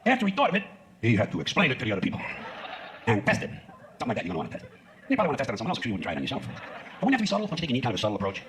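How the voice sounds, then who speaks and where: A man's voice: medium pitch, huge pitch swings, rapid-fire, long pauses, fairly bright tone, a little hiss or hum. A man performing a stand-up routine on stage, ranting in a profane, sarcastic way. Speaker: stand-up comedian. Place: stage in front of an audience.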